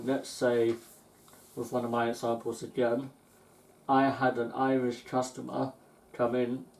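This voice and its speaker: A man who chats easily and tells workplace stories in a casual podcast conversation. He speaks at an ordinary middle pitch. The sound has a noticeable echo from the room. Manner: storytelling, acts out angry customers in anecdotes. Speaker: podcast co-host. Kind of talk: casual chat. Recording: echoey room.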